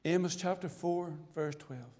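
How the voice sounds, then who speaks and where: A middle-aged man giving his gospel testimony as a lay preacher, earnest and pleading, with dramatic pauses. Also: on the high side, a little mellow. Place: church fellowship hall. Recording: long hall reverb.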